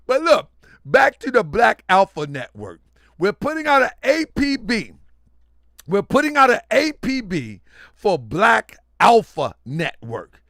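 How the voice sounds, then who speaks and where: A middle-aged man hosting a livestream and reading chat aloud, loud and teasing, laughing often. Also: high voice, wildly swooping pitch, measured pace, no echo. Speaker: livestream host.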